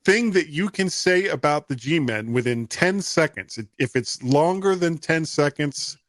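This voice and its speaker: A man's voice: a little high, measured pace, no echo, studio quality. A man hosting a podcast in casual chat, loose and rambling as he explains. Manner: relaxed, rambling with restarts. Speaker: podcast host.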